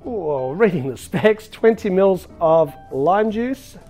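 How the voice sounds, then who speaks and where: A man's voice: high-pitched, expressive, slow pace, warm tone, faint music behind. A man hosting a cocktail demonstration as a bartender, talking in a chatty, upbeat way with frequent filler words. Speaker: bartender and show host.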